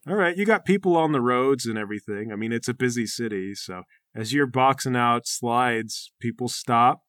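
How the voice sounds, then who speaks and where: A man running a tabletop role-playing game as game master, narrating in a relaxed way. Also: medium pitch, normal speed, no echo, studio quality.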